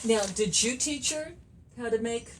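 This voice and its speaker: A woman's voice: fairly high pitch, a little slow, a little hiss or hum. Giggly woman hosting library trivia. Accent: Ohio. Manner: playful, giggly, sings out bell sounds. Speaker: library host. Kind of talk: casual trivia chat.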